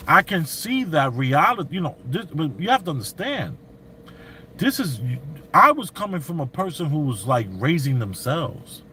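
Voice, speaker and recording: A middle-aged man, telling stories and giving commentary in animated, slangy street talk. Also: fairly high pitch, slight background noise. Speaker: vlogger. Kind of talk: commentary and storytelling.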